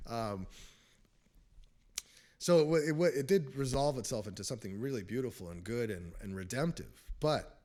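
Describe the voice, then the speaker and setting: A man hosting a casual spiritual talk, rambling through his testimony and chuckling often. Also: lowish voice. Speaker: host of a spiritual talk show.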